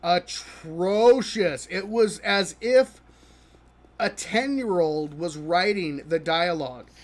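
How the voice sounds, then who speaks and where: A man with a fairly high voice runs a live stream, grumbling and scoffing about a show as he plays. His delivery is halting and full of restarts, and he keeps breaking into laughter at how bad he found it. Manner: exasperated, mocking, laughing often. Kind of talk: live-stream reaction commentary while gaming.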